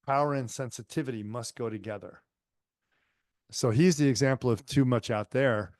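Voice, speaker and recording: A male healing teacher tells stories in a loose, conversational way, filling pauses with small fillers. His voice sits at an ordinary middle pitch. The sound is dry and close, recorded for an online lecture. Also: dry recording. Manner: conversational, anecdotal, frequent fillers. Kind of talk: storytelling lecture. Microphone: online lecture microphone.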